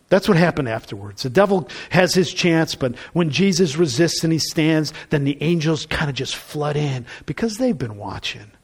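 A man's voice: fairly high pitch, breathy edge. A man preaching a sermon in a conversational way, building to emphatic bursts. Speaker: pastor.

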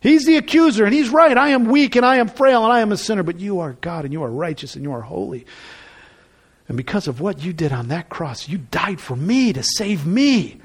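Male pastor, high and lively voice, casual preaching with emphatic peaks. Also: a little fast, slightly rough. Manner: conversational preaching, rising to emphatic bursts. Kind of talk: sermon.

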